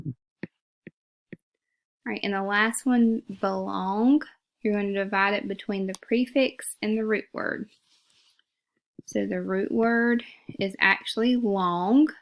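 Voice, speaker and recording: A woman's voice: mid-range voice, steady tone, slow, long pauses. A woman teacher giving a phonics lesson, patiently repeating words and sounding them out syllable by syllable.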